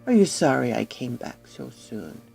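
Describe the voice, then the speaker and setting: A deep, hoarse, menacing nobleman who kills his wives, put on by a woman storyteller. He draws his words out slowly with a rough, gravelly edge. The delivery lands low and threatening, in the manner of a spoken storybook. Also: very animated, darkish tone, faint music behind, full character voice. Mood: falsely sweet. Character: menacing nobleman wife-killer, cold and threatening. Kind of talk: storybook narration with acted voices.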